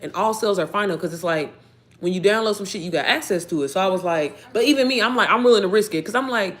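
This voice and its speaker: Fast-talking animated woman telling a story. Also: mid-range voice. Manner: animated, profane, addresses viewers as y'all and baby. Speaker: online business coach. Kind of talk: casual storytime vlog.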